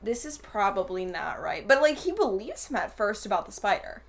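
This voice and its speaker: A woman's voice: mid-range voice, moderate pace, gravelly, noisy background. A young woman hosting a casual movie review chat, retelling scenes with laughter. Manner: animated, laughing retelling, acts out quotes.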